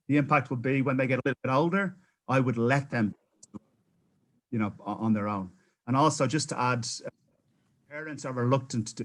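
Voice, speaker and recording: A man's voice: medium pitch, rough recording. A New Zealand man giving impassioned public testimony at a council hearing, pleading his case with frequent restarts.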